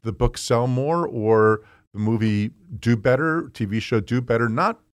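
A middle-aged man from New Jersey with a New Jersey accent, talking fast and telling animated stories in a casual chat as a guest. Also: mid-range voice, no room sound. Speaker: guest author.

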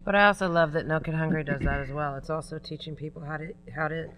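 A woman guest in a casual chat, talking in an enthusiastic, warm way. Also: low-pitched, fairly even intonation, fast. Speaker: guest, pop singer.

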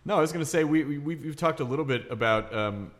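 A man's voice: on the high side, fast. A man hosting a casual podcast chat, telling jokes and reading from an old joke book. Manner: lively, reads old joke-book passages aloud.

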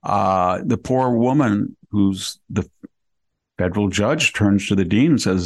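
A man's voice: fairly low pitch, unhurried. An older man hosting a podcast, talking through long hypotheticals in conversational commentary. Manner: long hypotheticals, acts out quoted people. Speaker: podcast host.

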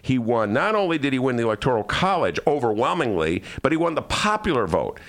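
Brief: male radio host, wildly swooping pitch, loose jokey rambling. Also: sing-song, a little fast, a bit bright. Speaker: radio show host and columnist. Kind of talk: casual talk radio. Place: radio studio.

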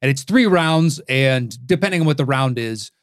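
A man's voice: medium pitch, moderate pace, clean tone, no echo, studio quality. A man guest on a podcast, telling stories casually and quoting himself. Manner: animated storyteller, quotes himself. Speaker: guest, game show host. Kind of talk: casual chat.

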